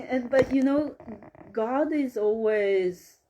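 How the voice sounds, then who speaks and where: A woman with telling a story in casual chat, animated and acting out quoted dialogue. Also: high-pitched, slow, a little hiss or hum. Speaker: guest, psychic massage healer.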